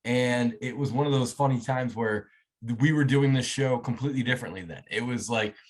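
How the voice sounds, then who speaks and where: A man hosting an interview show chats enthusiastically, frequently restarting his sentences. His mid-range voice moves at a brisk pace.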